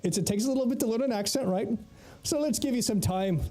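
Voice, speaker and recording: A man's voice: very high-pitched, fast, warm tone, faint music behind. A man livestreaming an online game in character, joking around in a put-on Scottish-Irish lilt and laughing often. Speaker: streamer role-playing in an online game. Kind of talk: in-character role-play livestream chat.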